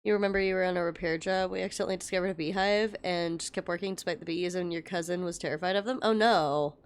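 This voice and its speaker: A woman's voice: fairly low pitch, steady tone, quick pace, clear, resonant tone. A young woman chatting casually with her viewers as a livestreamer, telling stories and swearing freely. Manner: chatty storytelling with frequent swearing; greets viewers by name.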